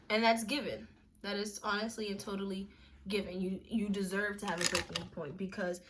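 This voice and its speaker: A woman's voice: mid-range voice, noisy background. A young woman telling a personal story on a casual vlog, candid and emphatic, with slang and restarts when emotional. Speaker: vlogger.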